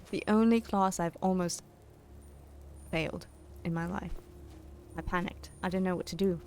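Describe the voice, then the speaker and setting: A woman's voice: on the low side, unhurried, long pauses, darkish tone, slight background noise. A young adult woman streaming a game, chatting casually and rambling to her viewers. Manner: chatty, rambling, talks to chat. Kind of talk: casual gameplay chat.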